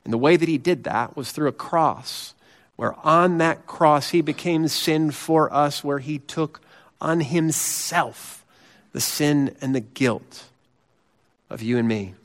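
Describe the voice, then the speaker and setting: An earnest male pastor preaches a sermon in a slightly high voice. He swings between emphatic, raised declarations and quiet, low asides. Every point is pressed with conviction. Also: slow pace. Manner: earnest, emphatic, rising on key phrases and dropping low and soft on others.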